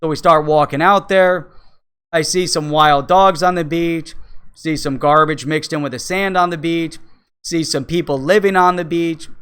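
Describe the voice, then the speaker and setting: A man's voice: on the high side, fairly bright tone, smooth. A man hosting a show, telling a long travel story casually, with many fillers and restarts. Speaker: crypto show host.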